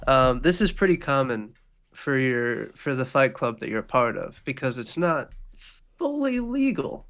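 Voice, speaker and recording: A man's voice: medium pitch, normal speed, gravelly, fairly bright tone, smooth. A man running a tabletop game as game master, describing scenes in a loose way with lots of fillers.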